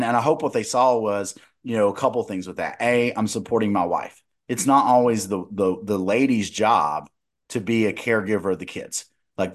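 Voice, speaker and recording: Low-voiced man telling a story. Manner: animated storytelling with many restarts. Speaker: podcast co-host, dietitian. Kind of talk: casual conversational chat.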